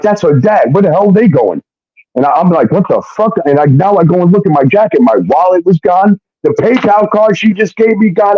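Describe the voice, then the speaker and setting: A man's voice: on the high side, no room sound, dull audio. Profane man retelling a hard story. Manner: profane, animated retelling with quoted dialogue. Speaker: guest telling his story. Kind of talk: casual storytelling.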